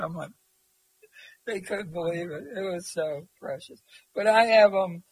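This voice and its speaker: A man's voice: high-pitched, moderate pace, husky, no room sound. A man, a long-distance walker telling stories as an interview guest in a rambling, folksy way. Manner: rambling, folksy, many fillers. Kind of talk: casual storytelling.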